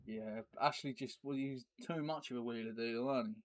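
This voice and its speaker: A man's voice: medium pitch, fairly even intonation, a little fast. A man chatting casually while live-streaming a football video game, rambling and full of tag questions.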